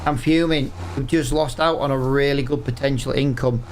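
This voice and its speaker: Casual male streamer talking viewers through a game, mid-pitched, faint noise behind. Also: fairly even intonation, a little fast. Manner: chatty, exasperated, talks to viewers. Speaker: gaming streamer. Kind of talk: casual gameplay commentary.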